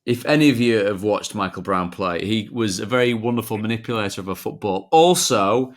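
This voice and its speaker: A man's voice: on the low side, a little fast. A man hosting a podcast, a former footballer, chatting in a playful, wordy way with elaborate phrasing. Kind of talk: casual podcast chat.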